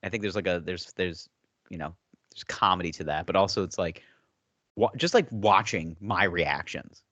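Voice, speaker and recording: A man co-hosting a podcast in casual chat, an animated storyteller who acts out quotes and laughs often. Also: sits low, normal speed, dry recording. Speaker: podcast co-host.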